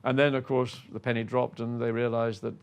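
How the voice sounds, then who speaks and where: A man's voice: medium pitch, level tone, brisk, smooth. An older man, a former racing driver, telling self-effacing stories from his career as a guest. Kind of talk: reminiscing anecdote.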